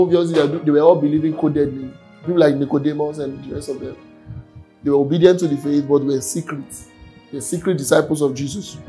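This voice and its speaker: A man's voice: on the high side, dark tone, poor audio. A man preaching a sermon earnestly, often repeating his words. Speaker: pastor. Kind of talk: sermon teaching.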